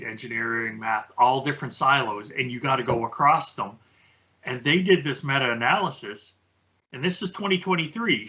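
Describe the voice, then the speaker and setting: Man, bright voice, explaining step by step, slightly muffled sound. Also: medium pitch. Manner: relaxed, explains research points step by step. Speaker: podcast co-host. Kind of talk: casual conversational chat.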